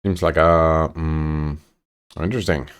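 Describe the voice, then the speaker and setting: A man's voice: a bass voice, steady tone, slow pace, smooth. A man streaming a game, chatting casually and reading out viewer messages in a laid-back way. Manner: laid-back, chatty, reads chat aloud. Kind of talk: casual gameplay commentary.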